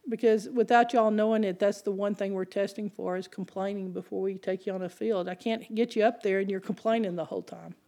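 A woman preaching a sermon, asking the congregation rhetorical questions and climbing in pitch and volume as she drives her points home. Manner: animated, rising in pitch and volume when stressing points.

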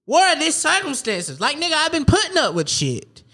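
A young adult in a casual podcast chat whose pitch rises and falls a lot. They speak with strong emphasis, swear freely and tell stories with feeling. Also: wildly swooping pitch, normal speed, creaky, sharp tone. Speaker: podcast co-host.

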